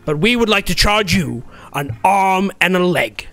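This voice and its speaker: A man voicing a gruff, greedy male troll guard who haggles bluntly. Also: high-pitched, lively intonation, a little slow, bright, forceful tone, soft background music, full character voice. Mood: haggling.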